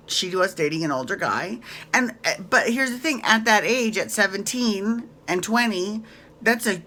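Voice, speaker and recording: A woman's voice: lowish voice, bright, forceful tone. A woman hosting a casual reality TV recap, chatty and opinionated, swearing freely and often tagging her points with "right?".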